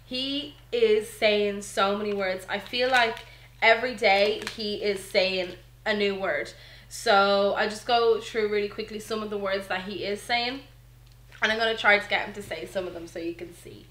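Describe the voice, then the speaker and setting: A young mother vlogging at home, talking slowly and easily with lots of fillers. Her voice sits at a middle pitch. The room around her is echoey. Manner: chatty and relaxed, full of ums and likes. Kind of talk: casual chat to camera.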